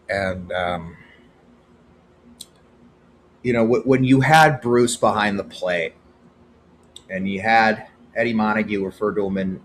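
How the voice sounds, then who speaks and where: A man hosting his own podcast, giving opinionated solo commentary that swings from heated outbursts to hushed, sober stretches. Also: fairly low pitch, slight background noise. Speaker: podcast host.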